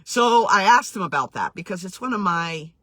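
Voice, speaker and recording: A woman telling a personal story in a casual, reflective way, earnest and laughing softly between phrases. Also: medium pitch, lively intonation, normal speed, breathy edge, no echo. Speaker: healing coach sharing her story.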